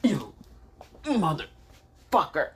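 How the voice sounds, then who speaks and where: Man shouting as a cursing, beaten villain. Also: mid-range voice, fast talker, husky, lightly acted. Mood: furious. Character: ruthless male villain, defeated and enraged.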